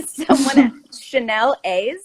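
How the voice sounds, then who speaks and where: A woman chats on a casual live stream in a teasing, rambling way. Her voice sits somewhat high. She talks loosely, with a lot of filler, and trades jokes with her co-host. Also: lively intonation, slow, a little mellow, breathy edge. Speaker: actress.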